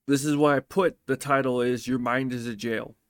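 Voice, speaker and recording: Here a man recounts something from his life in a relaxed, rambling monologue, profane and animated, stressing his words heavily. He talks at a moderate pace and a middle pitch, recorded up close and dry with no echo or room sound.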